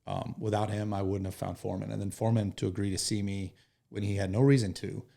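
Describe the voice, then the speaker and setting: A man, a firefighter guest, telling stories in an interview in an animated, joking, profane way. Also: lowish voice, quick pace, creaky. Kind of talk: storytelling in a podcast interview.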